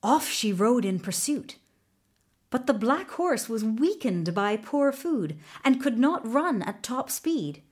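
Lady reading a kids storybook, lively up-n-down voice, takes her time. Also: on the high side, slow pace. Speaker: audiobook narrator. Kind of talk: expressive storybook narration.

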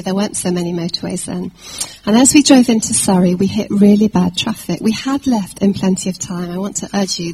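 A woman from England preaching a sermon, telling a personal story in a lively anecdotal way with fillers and restarts. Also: medium pitch, slight background noise, poor audio.

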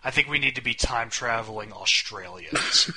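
A man's voice: medium pitch, moderate pace, pushed and bright, a little hiss or hum, poor audio. A young man co-hosting a casual podcast, talking in a rambling, wry way and swearing casually. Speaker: podcast co-host.

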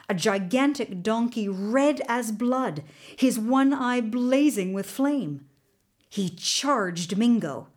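Woman storyteller reading a folk tale aloud, lively in pitch and slow-paced. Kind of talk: storybook narration.

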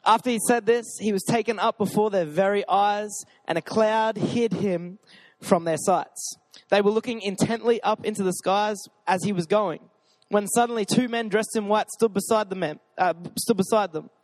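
A man's voice: high-pitched, moderate pace. A young man preaching a casual, joking sermon at a church gathering and urging the crowd on. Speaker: pastor.

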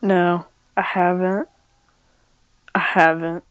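Slow goofy woman just chatting, smooth clear voice, lo-fi mic. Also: fairly low pitch, flat delivery, no room sound. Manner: slow, playful, goofy banter. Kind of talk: casual chat. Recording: dull, slightly lo-fi dry mic.

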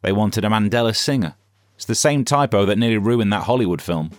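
A man hosting a scripted satirical news comedy podcast with a sarcastic, deadpan delivery. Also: on the low side, fairly quick.

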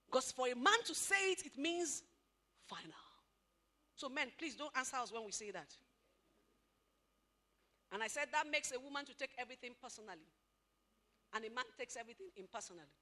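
A woman giving an animated talk at a couples' marriage seminar, questioning the audience and acting out what spouses say. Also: sits high, brisk, pauses often. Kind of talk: lively motivational talk to an audience.

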